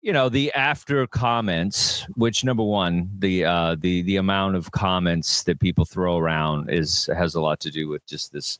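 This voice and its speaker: A man's voice: low-pitched, fairly even intonation, moderate pace, few pauses, fairly bright tone, no echo. A man co-hosting a comedy podcast, teasing his partner and repeating his phrases. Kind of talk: casual comedy podcast chat.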